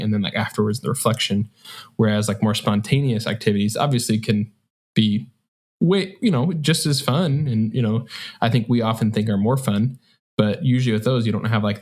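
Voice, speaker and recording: A man's voice: on the low side, darkish tone. A man co-hosting a podcast, reflecting in a rambling, casual way with plenty of fillers. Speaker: podcast co-host. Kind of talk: casual book-club chat.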